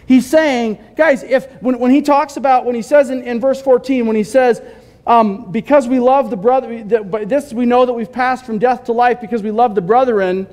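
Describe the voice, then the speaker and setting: A man's voice: very high-pitched, steady tone, normal speed, a little mellow. A man pastor giving a sermon in a conversational way, asking the congregation questions and joking with them. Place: church sanctuary.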